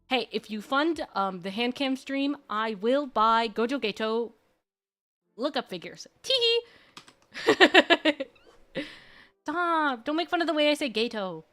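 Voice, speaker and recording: Brief: excitable woman streamer, higher pitch, gushy rambling chat, faint music underneath. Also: a little slow, long pauses. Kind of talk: casual live-stream chat. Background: faint background music.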